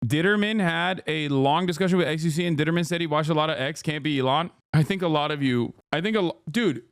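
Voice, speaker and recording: A man's voice: on the high side, quick pace, clear, resonant tone, no room sound, clean studio sound. A man hosting a live stream, reacting to clips with casual, profane, emphatic commentary. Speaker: streamer host.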